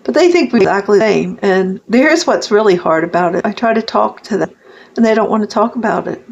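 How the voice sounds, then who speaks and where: An older woman vlogger speaks directly to the camera in a personal, confessional monologue that is rambling and heartfelt, with frequent restarts. Her medium-pitched voice is expressive and creaky, and she talks fairly quickly. The recording sounds dull and lo-fi.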